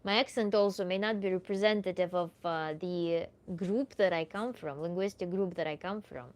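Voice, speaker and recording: Speaking at normal speed in a voice on the low side, a Russian-accented tantra coach, native in Russian, chats easily with livestream viewers answering their questions. She laughs frequently and leans on "like" a lot.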